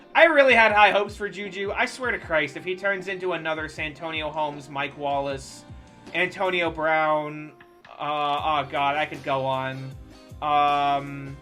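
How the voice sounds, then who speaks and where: A streamer ranting casually and profanely about football while playing a baseball management game. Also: medium pitch. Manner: animated, profane sports ranting.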